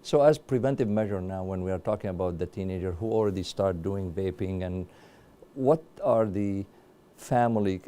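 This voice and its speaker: Mellow low-voiced male interviewer. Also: normal speed. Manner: asks long formal questions. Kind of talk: medical interview questions.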